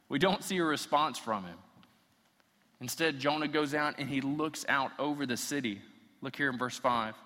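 A man's voice: a little high, pushed and bright, in a large hall. A man preaching a sermon, reading scripture aloud and acting out the quotes as his intensity builds. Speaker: pastor.

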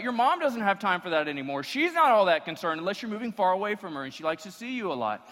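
A man preaching with a bright, sharp voice that sits a little high for a man. He delivers an animated sermon and fires off joking rhetorical questions. His voice carries a long reverb through a church sanctuary. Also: fast talker, hardly any pauses. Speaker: pastor. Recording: long reverb of a large hall.

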